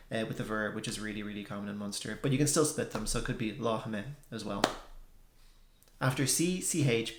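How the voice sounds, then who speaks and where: A young man, explaining a language point in a relaxed video lesson with plenty of ums. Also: on the low side, slight background noise. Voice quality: gravelly. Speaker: language teacher. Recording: echoey room.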